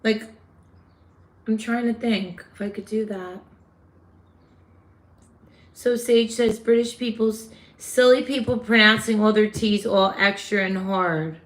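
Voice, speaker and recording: A woman's voice: medium pitch, unhurried, long pauses. A woman with a New York accent hosting a casual livestream, chatting with viewers and answering their comments. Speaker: livestream host.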